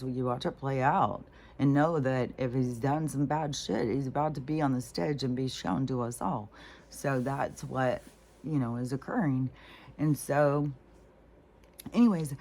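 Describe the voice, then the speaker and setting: Very low-voiced woman, blunt and rambling. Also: darkish tone. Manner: blunt, profane, rambling with many fillers. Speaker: spiritual vlogger. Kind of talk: casual rambling monologue.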